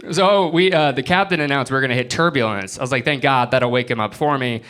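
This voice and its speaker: A young man from Florida doing a stand-up comedy set on a club stage, acting out people in quick bits. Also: clear, resonant tone. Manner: animated, jumps into high-pitched bits when acting out people. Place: comedy club stage before a live audience. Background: audience laughter.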